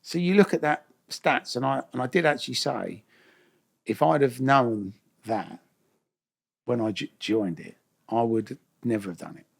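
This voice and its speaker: Gravelly man telling stories. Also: mid-range voice, a little slow. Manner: chatty, swears freely, acts out quoted voices. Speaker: guest. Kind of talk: casual storytelling interview.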